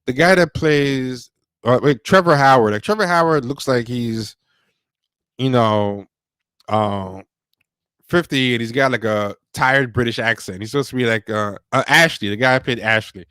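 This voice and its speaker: A man's voice: medium pitch, normal speed, fairly bright tone, clear, resonant tone, no room sound. A man hosting a livestream, rambling casually about movies with lots of fillers and restarts. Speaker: podcast host.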